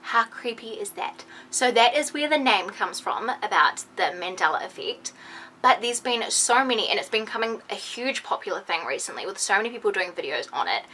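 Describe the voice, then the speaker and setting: A young woman chatting excitedly to her viewers in a casual vlog, full of "like" and quick asides. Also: mid-range voice, slight background noise. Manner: excitable, animated, lots of "like". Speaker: beauty vlogger.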